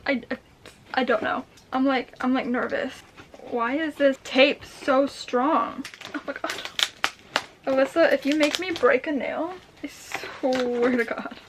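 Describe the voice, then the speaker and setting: A young woman vlogging casually, excitable and swearing, teary and emotional as she unboxes a gift. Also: high voice, slow pace, background noise. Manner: excitable, gushing, swearing, with breathy laughs. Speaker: vlogger and writer. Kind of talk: casual vlog chat.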